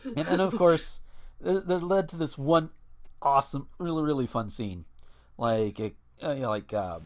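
A man's voice: fairly high pitch, normal speed. A man hosting a casual podcast, rambling with restarts and swearing freely. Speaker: podcast host.

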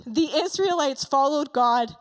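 A woman pastor preaching a sermon, retelling a story vividly with excited asides. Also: high-pitched, unhurried, in a large hall, poor audio. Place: church sanctuary.

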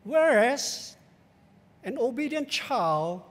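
Male Singaporean pastor, high voice, measured emphatic sermon in a church. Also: very animated. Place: large church sanctuary. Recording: long church hall reverb.

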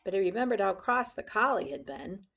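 A woman reading a picture book aloud in an expressive storyteller way, pointing out the pictures as she goes. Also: medium pitch, brisk, creaky, dull audio.

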